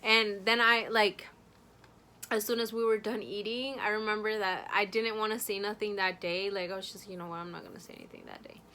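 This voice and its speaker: Young woman rambling through a scary story for her viewers, bright tone, lots of "like" and "um". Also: mid-range voice, steady tone, a little fast. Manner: chatty, many fillers, addresses viewers directly. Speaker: vlogger. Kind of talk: casual storytelling to camera.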